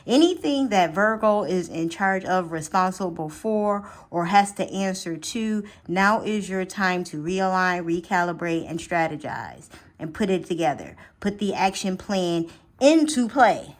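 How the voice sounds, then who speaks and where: A woman giving a casual, unedited tarot reading to camera. She chats directly to her viewers, often checks in with "okay?", and her pitch and loudness swing widely as she talks. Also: unhurried. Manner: chatty, animated, addresses viewers directly with frequent "okay?". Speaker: tarot reader.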